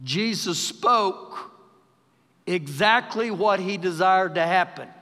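Texan pastor preaching slow, lively, big reverby church sound. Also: male voice, high voice. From Texas. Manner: animated preacher, raising his voice for quoted lines. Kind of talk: sermon. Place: church sanctuary during live service. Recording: live hall with long reverb.

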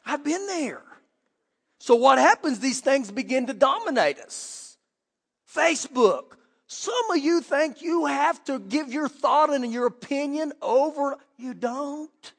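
A man preaching a sermon as pastor, telling lively stories and acting out quoted voices. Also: extremely high pitch, takes it slowly, gravelly, long reverb tail. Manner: animated storytelling with quoted voices. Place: church sanctuary.

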